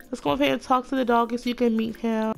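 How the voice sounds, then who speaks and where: A woman chatting casually through a life-sim game, gushing over her characters and voicing them in quick asides. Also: a little high, steady tone, vocal fry, faint music behind. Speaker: Sims let's play narrator. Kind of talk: casual gameplay commentary.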